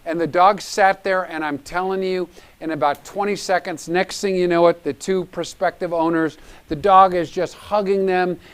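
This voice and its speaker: A man's voice: sits high, fairly even intonation, normal speed, hardly any pauses, clear, resonant tone. A man hosting a live charity auction, upbeat and urging people to bid. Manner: upbeat, pushes for bids. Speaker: gala auction host.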